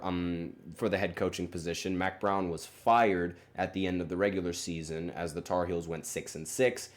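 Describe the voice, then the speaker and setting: A man hosting a sports podcast, talking casually and rambling, with many fillers and self-corrections. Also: low voice. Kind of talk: casual solo sports commentary.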